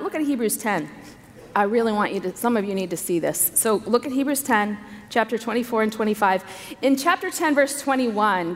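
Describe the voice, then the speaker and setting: A woman speaker preaching an earnest, story-filled sermon to a women's conference, with emphatic repetition. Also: a little high. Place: large conference hall. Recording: live hall recording with long reverb.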